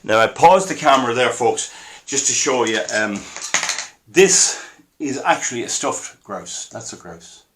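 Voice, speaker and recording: A man's voice: mid-range voice, animated, measured pace, a bit bright. An older man with an Irish accent, talking to camera in a rambling, indignant monologue full of restarts. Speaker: commentator.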